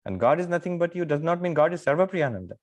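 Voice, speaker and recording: A middle-aged man, a monk, teaching scripture in a spiritual lecture, telling stories with thoughtful pauses and emphatic rises in pitch and loudness. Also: animated, muffled recording. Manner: thoughtful, pausing with fillers.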